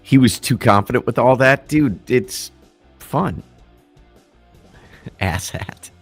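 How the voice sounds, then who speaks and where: A man's voice: mid-range voice, a little slow, breathy edge, faint music behind. A middle-aged man from Illinois chatting loosely on a livestream, rambling and swearing freely. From Illinois, United States. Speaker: livestream co-host. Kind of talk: casual livestream chat.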